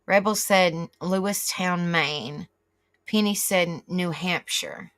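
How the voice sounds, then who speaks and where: A woman's voice: lowish voice, takes it slowly, fairly bright tone. A middle-aged woman, hosting a live stream and chatting casually with viewers, rambling and reacting aloud as she reads the chat. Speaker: livestream host.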